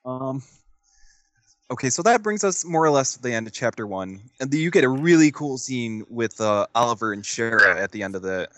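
A man's voice: mid-range voice, animated, moderate pace, a bit bright, no echo. A man steering a casual conversation about a video game, easygoing as he recaps the story. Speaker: podcast co-host.

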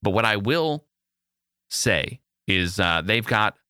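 A man co-hosting a casual podcast, talking playfully with quick asides. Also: fairly low pitch, animated, sharp tone, smooth, no room sound, clean studio sound. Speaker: podcast co-host.

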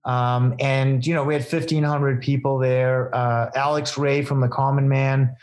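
A man's voice: medium pitch, flat delivery, unhurried, darkish tone. A man telling stories about his event in a conversational interview, earnest and rambling, with many fillers and restarts. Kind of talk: casual storytelling in an interview.

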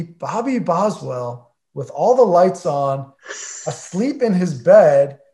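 A man with a slightly raised pitch tells a story in a playful, emphatic way. He acts out his own reactions, and his voice rises and drops sharply when he does. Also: a little mellow. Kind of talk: casual storytelling chat.

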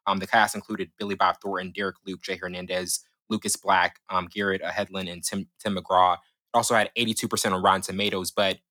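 A man's voice: low voice, little pitch movement, sharp tone, dry recording. A young man co-hosting a casual podcast, reviewing a film with eager, stumbling delivery. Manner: fast, eager, many restarts and fillers. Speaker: podcast co-host.

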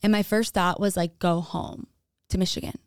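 A woman's voice: on the low side, steady tone, normal speed, smooth, no echo, clean studio sound. Candid woman telling a personal story. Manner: candid, frequent "like", acts out quoted dialogue. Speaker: speaker telling her own story.

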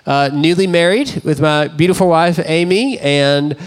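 A man's voice: fairly high pitch, measured pace, smooth. A man in his thirties, a pastor, preaching a sermon in a conversational, self-deprecating storytelling way. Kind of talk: sermon with personal stories.

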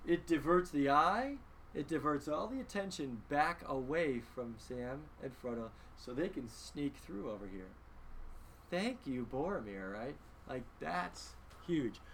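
A man leading a film discussion in a lively, emphatic teaching style, often asking his listeners rhetorical questions. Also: fairly high pitch, a little slow, a little hiss or hum. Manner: emphatic, conversational.

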